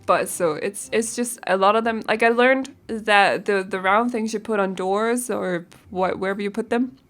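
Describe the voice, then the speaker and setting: A young woman rambles along in a relaxed voice-over, giggling and often stopping to hunt for the right word. Her voice sits at an ordinary middle pitch, with soft music playing faintly behind her. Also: normal speed. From Denmark. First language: Danish. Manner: rambling and giggly, searching for words. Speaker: game builder. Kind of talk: casual voice-over chat.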